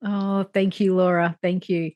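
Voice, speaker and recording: A woman's voice: on the low side, little pitch movement, a little slow, a little mellow, no echo. A woman hosting a podcast, thanking guests in casual chat and laughing often. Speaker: podcast host.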